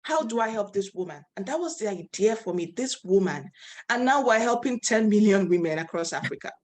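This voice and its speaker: A woman's voice: medium pitch, lively intonation, fairly quick. A woman from Nigeria, a nonprofit founder, telling her story as a guest speaker over a video call, earnest and passionate. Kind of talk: interview storytelling.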